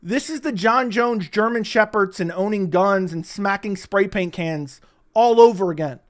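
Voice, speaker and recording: A man's voice: high voice, normal speed. A man giving sarcastic, profane reaction commentary on interview clips.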